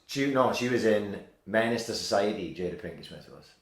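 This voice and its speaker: Podcast co-host, lowish voice, talks fast with plenty of slang, roomy echo. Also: male voice, animated, soft background music. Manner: fast, chatty retelling with slang. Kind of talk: casual chat. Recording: roomy, echoey room sound.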